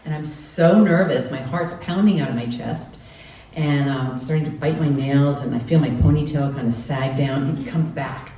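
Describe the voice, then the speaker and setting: A woman's voice: rumbling low, normal speed, warm tone. A woman in her twenties telling a personal story live on stage, acting out the people she quotes. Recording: echoey room, mic from far off, faint noise.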